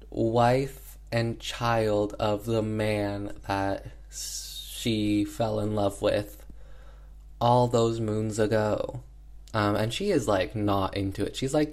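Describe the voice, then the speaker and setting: A man's voice: on the low side, a little mellow. A man casually retelling an old film's plot in a slangy, chatty way, full of "um" and "like", offhandedly voicing the characters. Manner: chatty, filler-heavy with frequent "um" and "like". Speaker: film reviewer. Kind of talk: casual film recap.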